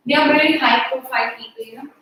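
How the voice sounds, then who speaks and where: A woman's voice: high-pitched, fairly even intonation, quick pace, a bit bright, heavy reverb, distant mic, slight background noise, low-quality recording. A woman teacher with an Indian English accent explaining a story to her class, mixing Hindi and English and acting out the characters, with plenty of fillers.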